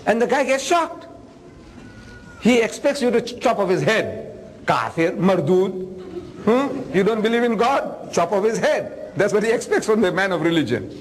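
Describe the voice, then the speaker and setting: An older man and religious lecturer, telling stories to an audience in an animated, humorous way, acting out dialogue and sound effects. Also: high voice, normal speed, big-room sound, poor audio. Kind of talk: storytelling sermon to an audience.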